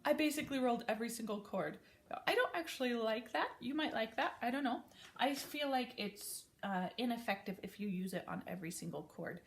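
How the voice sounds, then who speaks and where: Woman teaching piano, higher voice. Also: lively intonation, fairly quick. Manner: casual, friendly explaining with small self-corrections. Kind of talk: relaxed spoken piano lesson. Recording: piano playing between talk.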